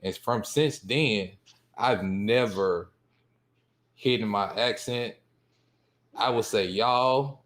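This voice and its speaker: A man's voice: fairly low pitch, slow pace, pauses often, fairly bright tone. A man with a Southern US accent, talking in a rambling, laid-back way as a guest on a casual podcast discussion.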